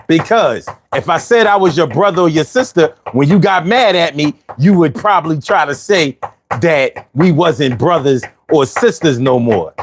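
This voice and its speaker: A man's voice: on the high side, lively intonation, normal speed. A man voicing old aches as a pestering male cousin who talks in slangy, rhythmic lines.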